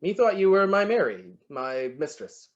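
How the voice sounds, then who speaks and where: An actor playing a flattering, lovestruck poet in an amateur online stage play, savoring each word and muttering to himself. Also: mid-range voice, moderate pace, dull audio, close to an everyday voice. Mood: wooing. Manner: florid, wooing, savoring words, muttering to himself. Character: lovestruck, flattering William Shakespeare, a playful poet.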